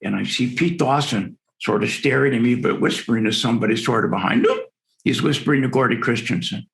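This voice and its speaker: A man's voice: mid-range voice, huge pitch swings, fairly quick, creaky, a bit bright. A man in his sixties giving an enthusiastic, story-filled lecture to dentists at a virtual conference. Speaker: dental lecturer. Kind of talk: conference presentation. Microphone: video call.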